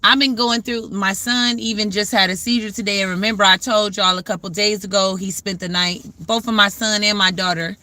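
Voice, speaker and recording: A woman's voice: medium pitch, steady tone, brisk, hardly any pauses, pushed and bright, no echo. A woman hosting a casual livestream, talking reflectively and answering her viewers' comments as she goes. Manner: conversational, reflective, talks back to viewer comments. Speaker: livestream host.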